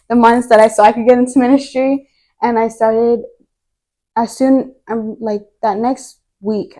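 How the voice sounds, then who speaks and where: Here is a young woman in a podcast interview, recounting her faith testimony in an earnest, rambling manner and leaning on lots of filler words. Her voice sits a little high and sounds soft and mellow. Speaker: guest.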